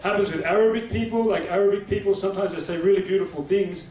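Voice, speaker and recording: Stand-up comic, high-voiced. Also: male voice, steady tone, fast talker, a little mellow. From Australia. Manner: chatty, punchy, keeps checking in with the crowd. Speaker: stand-up comedian. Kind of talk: stand-up comedy set. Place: comedy club stage in Las Vegas. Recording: echoey room taped from far off with crowd noise.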